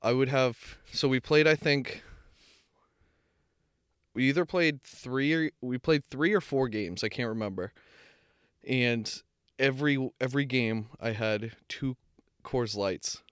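Young male podcast co-host, smooth and clear in a dry room, rambling and self-correcting, swears freely. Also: mid-range voice, a little slow, pauses often, fairly bright tone, dry recording. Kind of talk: casual chat.

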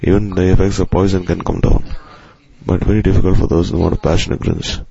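Deep gravelly male preacher. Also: level tone, dark tone. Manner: measured, with Sanskrit and Hindi terms woven in. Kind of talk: devotional sermon. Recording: slightly dull lo-fi recording.

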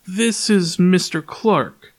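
A man playing a cautious, measured priest. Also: sits high, pitched above the performer's own voice. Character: cautious middle-aged male priest.

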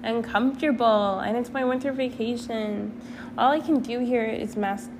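A woman's voice: a little high, normal speed, noisy background. A young woman vlogging in a casual rambling monologue, candid and swearing, laughing at herself. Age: young adult.

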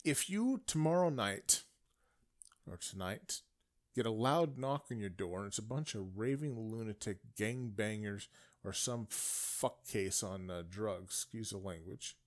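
A man's voice: lowish voice, unhurried. Ranting man, indignant. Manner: indignant, swings from shouting to muttering. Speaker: political commentator. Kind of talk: ranting monologue.

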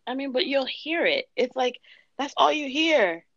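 Podcast host: a chatty, expressive woman, dry and muffled. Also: high voice, no echo. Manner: chatty, expressive, quick to laugh. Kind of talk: casual chat.

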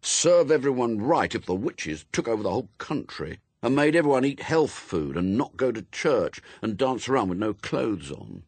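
A man's voice: medium pitch, very animated, normal speed, hardly any pauses, darkish tone, slightly rough, dry recording. A man reading aloud, voicing a sulky young boy who grumbles and mutters. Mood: grumbling.

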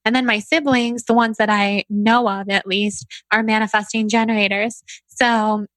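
A woman hosting a podcast in casual interview chat, effusive and quick to gush praise. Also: medium pitch, level tone, no echo. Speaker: podcast host.

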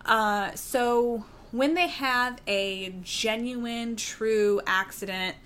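A woman giving calm, reassuring parenting advice in a casual talk to camera, with many "um" fillers and restarts. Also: a little high, drawn-out words, clear, resonant tone.

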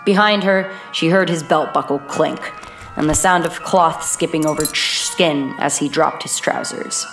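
A woman narrating a horror audiobook in a measured, even reading voice. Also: low voice, soft background music.

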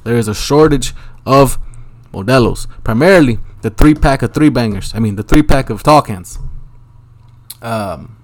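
A man's voice: medium pitch, normal speed. A young man hosting a solo podcast, rambling casually and swearing a lot in a laid-back way. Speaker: podcast host. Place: Los Angeles, at home.

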